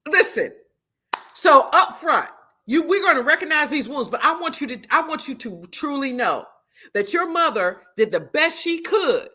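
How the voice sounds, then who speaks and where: This is a middle-aged woman hosting a live stream. Her voice sits high and bright, and it swoops a lot as she moves from teaching to greeting viewers by name. She talks in an animated, preacherly way. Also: moderate pace. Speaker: livestream host and prophetess.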